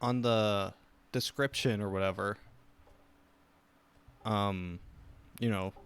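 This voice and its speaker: A man's voice: lowish voice, steady tone, slow, fairly bright tone, clear, resonant tone. A young man hosting a casual chat show, rambling with lots of fillers and restarts. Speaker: podcast host.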